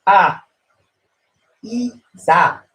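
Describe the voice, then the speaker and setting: A woman's voice: medium pitch, expressive, extremely slow, fairly bright tone. A woman joining in the chat as co-host, playfully correcting how her name is pronounced.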